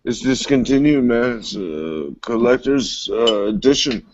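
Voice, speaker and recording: A man's voice: medium pitch, animated, unhurried, background noise. A man on a podcast, making crude, laid-back jokes in casual banter. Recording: dull lo-fi audio.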